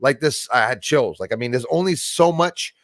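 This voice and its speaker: A man's voice: mid-range voice, expressive, normal speed, a bit bright. A man hosting a casual livestream chat, rambling and emotional, swearing freely. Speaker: host.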